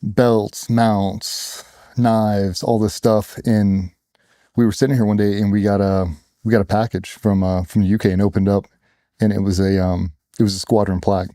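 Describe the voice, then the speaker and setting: A man's voice: fairly low pitch, level tone, normal speed, mellow, no echo, clean studio sound. A man candidly telling a personal story in an interview, blunt and plainspoken, acting out other people's lines as he goes. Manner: blunt, plainspoken, retells dialogue in quotes.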